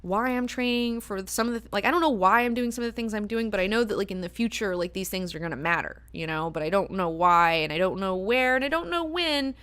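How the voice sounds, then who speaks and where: A woman's voice: mid-range voice, animated, fast, few pauses, a bit bright, smooth. A woman hosting a book club discussion, talking casually with many fillers and frequent swearing. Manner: chatty, filler-heavy, swears freely.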